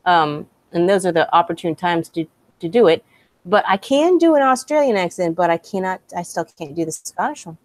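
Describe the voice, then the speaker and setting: A woman co-hosting a relaxed gaming talk, chatty and quick to laugh. She swears casually throughout, and the sound is dry and close with no room behind it. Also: lowish voice, dry recording. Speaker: podcast co-host. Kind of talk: casual chat.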